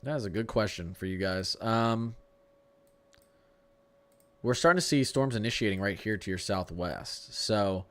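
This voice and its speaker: A man's voice: fairly low pitch, measured pace, long pauses, a bit bright. A man hosting a casual live weather stream, reading the radar and answering his chat. He talks loosely, restarts his sentences and stumbles over place names. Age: adult with a young son. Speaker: livestream weather host.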